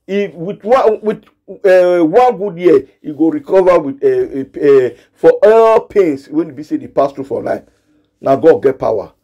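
In a muffled recording, this Nigerian gossip commentator speaks in Nigerian Pidgin with a fairly high, dark-toned voice. His ranting commentary is a scolding aimed straight at the people he criticizes, and he keeps repeating points to drive them home.

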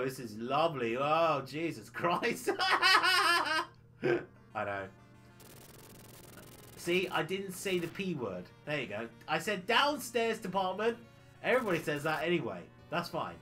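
A man's voice: fairly high pitch, a bit bright. A man streaming a retro game, rambling cheekily and laughing often. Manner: giggly, rambling, cheeky banter with frequent laughs. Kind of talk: casual livestream chat while playing.

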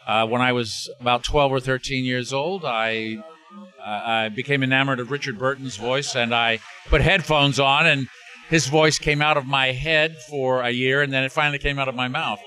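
Bright-voiced older man rambling. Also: medium pitch, steady tone, normal speed, soft background music. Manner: rambling, many restarts and fillers. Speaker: interview guest, actor. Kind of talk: casual interview chat.

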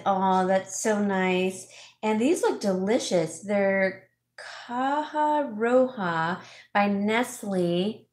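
Gushing woman vlogger, slow chatty talk. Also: medium pitch. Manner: chatty, gushing, reads viewer names aloud. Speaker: vlog host, home stager. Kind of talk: casual live-chat haul vlog. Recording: roomy echo, faint background noise.

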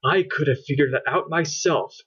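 A man voicing a bad-tempered girl who snaps and sneers, a little louder and higher than his own voice, on a dull lo-fi recording. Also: normal speed, slightly rough. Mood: snarling. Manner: snapping, sneering, raised and higher. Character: angry girl scientist's bad-tempered double.

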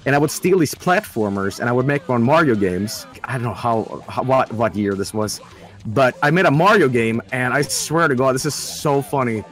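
A man's voice: medium pitch, normal speed. A man chatting casually on a stream and telling funny stories, swearing and laughing as he goes. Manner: animated, swears, laughs a lot. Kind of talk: casual chat, storytelling.

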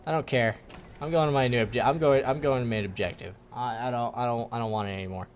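A man's voice: medium pitch, steady tone, quick pace, slight background noise. A young man giving casual, joking commentary while playing a video game, swearing often and taunting the enemies on screen. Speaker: gaming video host.

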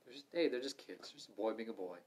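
A middle-aged man leading a livestreamed Bible study, earnest and conversational, swinging from loud urging to soft asides. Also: mid-range voice, expressive, fast talker, slightly rough. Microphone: livestream microphone.

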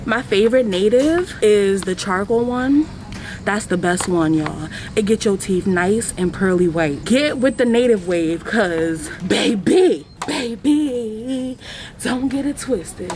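A young woman walks through a busy store, vlogging to a handheld camera and chatting casually and slangily with her viewers. Her voice is medium-pitched and slow, with crowd chatter filling the noisy background.

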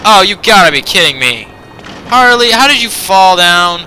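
A man's voice: sits high, animated, normal speed, sharp tone, faint music behind, rough recording. A man giving casual video game commentary, rambling with lots of fillers and often exasperated at the game. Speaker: let's play host.

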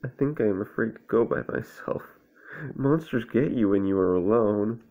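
A man's voice: on the low side, normal speed, close to an everyday voice. A man voicing a young, anxious otter in a slightly raised, whiny voice. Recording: tinny phone-like sound.

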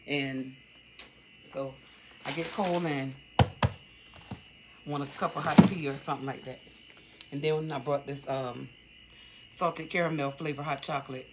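A low-pitched middle-aged woman chatting through a shopping haul at home. She talks in a loose, halting way, full of ums and restarts. A steady hiss sits under the recording. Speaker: vlogger. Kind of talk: casual haul vlog.

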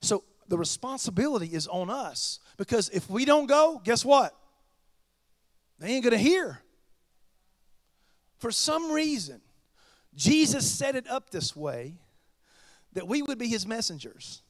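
A pastor preaching a sermon, chatty and joking with the congregation. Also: male voice, very high-pitched, sing-song, measured pace, pauses often, dry recording.

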